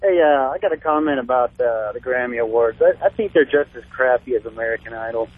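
A man's voice: medium pitch, fast. A young man calling in to a radio talk show, speaking in a laid-back, slangy way. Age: young adult. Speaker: caller. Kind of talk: casual phone call to a radio show. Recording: dull lo-fi phone line.

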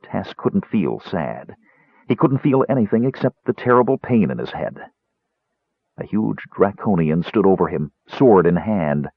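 A man reading a fantasy novel aloud in an expressive, dramatic narration. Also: sits low, a little slow, breathy edge, dry recording. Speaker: audiobook narrator. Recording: tinny narrow-band dry recording.

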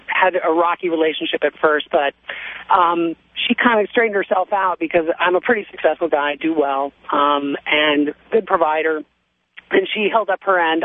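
A man's voice: a little high, no room sound. A man calling in to a radio show, telling a long story with many ums and restarts over a phone line. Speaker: caller. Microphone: telephone.

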